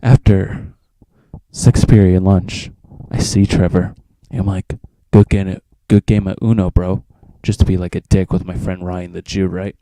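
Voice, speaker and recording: Teen vlogger, low mellow voice, rambling profane storyteller, dry close sound. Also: male voice, little pitch movement, a little slow, no echo. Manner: rambling, profane, acts out friends' lines. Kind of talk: casual storytelling.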